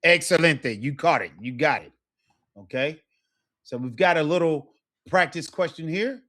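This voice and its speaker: A man teaching a one-on-one Spanish lesson, patient and encouraging, modeling words slowly for a student. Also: fairly high pitch, lively intonation, sharp tone.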